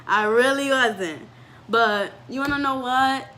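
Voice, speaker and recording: A young woman vlogger telling a story from her life in a casual, animated way, with lots of "like" and acted-out voices. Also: sits high, takes it slowly, a little hiss or hum. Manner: animated storytelling, fillers with "like", acts out quoted voices.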